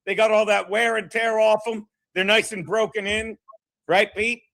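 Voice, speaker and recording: A man's voice: high voice, fairly even intonation, moderate pace, vocal fry, pushed and bright, no room sound. A man hosting a casual podcast, needling his co-host with crude jokes.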